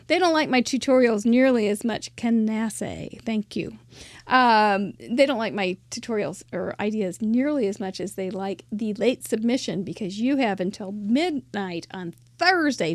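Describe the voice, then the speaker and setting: A woman's voice: fairly high pitch, no room sound, studio quality. A middle-aged woman hosting a live crafting show, bubbly and chatty, laughing often and tripping over names.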